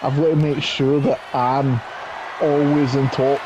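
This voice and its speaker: A man's voice: medium pitch, flat delivery, measured pace, lo-fi sound, a crowd in the background. A man, co-commentating on a wrestling video game with cocky, boastful banter. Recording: clear background hiss.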